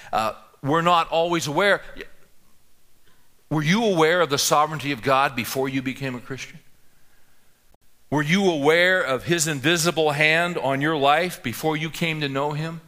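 Here a pastor in middle age sermonizes with a fairly high, bright voice and a forceful tone. His delivery is conversational as he relates something from his own life and quizzes the congregation.

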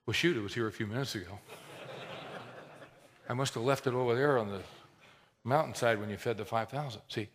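A man preaching a sermon in a folksy, conversational way, rising to emphatic swells and dropping to hushed prayer. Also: medium pitch, brisk, pauses often. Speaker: pastor.

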